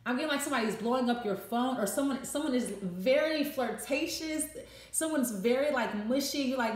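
Doing an informal tarot reading, a woman talks briskly in a high voice, musing aloud and acting out little quoted voices. The recording has an echoey room sound with faint noise.

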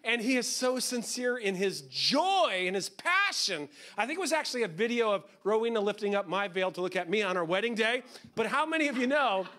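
A pastor with a high voice for a man delivers a sermon. He talks in a relaxed, conversational way and cracks jokes. He often slips into acting out what other people say. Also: fairly quick. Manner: conversational and joking, acts out quotes.

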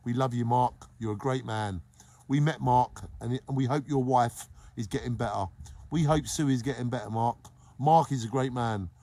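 A middle-aged man from England hosting a live stream, greeting viewers by name in an exuberant, sing-song way that swings between loud and hushed. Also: mid-range voice, normal speed. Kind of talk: casual live-stream chat, reading comments.

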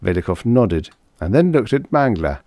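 A man narrating a vintage science fiction story in an even, measured reading. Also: lowish voice, no room sound, clean studio sound. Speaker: audiobook narrator. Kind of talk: scripted narration.

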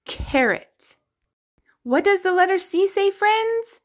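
A woman teaching the alphabet to toddlers in a slow, sing-song, exaggerated way, with playful animal sounds. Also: sits high, animated. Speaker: children's educator.

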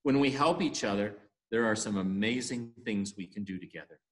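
A man leading worship, telling a story for all ages with animated storytelling, in an echoey room. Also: fairly low pitch, moderate pace.

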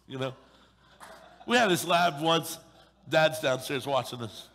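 A middle-aged man preaches in a bright, fairly high voice, joking with the congregation and slipping into playful acted asides. The sound carries the long reverb of a large church hall. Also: a little slow, creaky. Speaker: pastor. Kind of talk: sermon. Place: church sanctuary.

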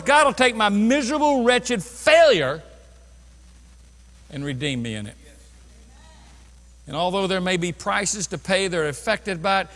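A man preaching a sermon as pastor, swinging from loud bursts down to quiet, low passages. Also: long reverb tail. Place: church sanctuary.

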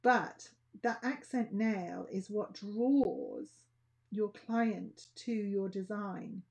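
A woman's voice: mid-range voice, extremely slow, creaky, darkish tone, slightly rough. A woman teaching a nail art class, chatting casually and thinking aloud as she works. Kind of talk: casual tutorial demonstration.

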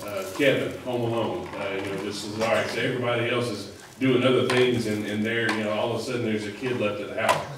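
Brief: man, low-ish voice, rambling sermon preacher, heard from a distance in a very echoey church. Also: fairly even intonation, fast, few pauses, background noise. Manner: conversational, rambling with many fillers. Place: church sanctuary. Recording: echoey hall, mic at a distance.

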